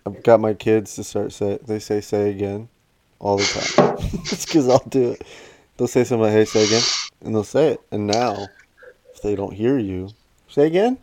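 A man's voice: lowish voice, fairly even intonation, normal speed, background noise. A man in casual chat, telling funny stories about his kids, swearing and laughing as he acts out their voices.

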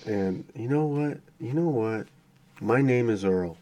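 A man in relaxed, easygoing casual chat with a friend, dry in his remarks. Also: mid-range voice, a little slow.

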